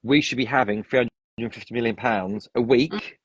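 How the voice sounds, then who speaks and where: A man's voice: mid-range voice, moderate pace, slightly rough, no room sound, lo-fi sound. A man chatting as a podcast guest, opinionated and rambling with frequent restarts. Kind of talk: casual chat.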